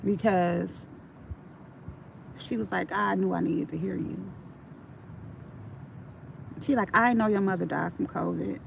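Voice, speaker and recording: A woman's voice: lowish voice, expressive, measured pace, gravelly, pauses often, rough recording. A middle-aged woman telling stories on a casual livestream, frank and streetwise, swearing freely, with faint traffic noise behind her.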